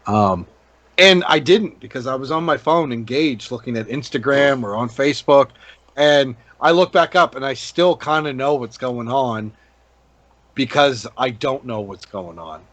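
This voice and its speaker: A man's voice: mid-range voice, animated, a little slow, a bit bright, dry recording, highs cut off. A man co-hosting a casual movie review podcast, rambling with many ums and restarts. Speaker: podcast co-host.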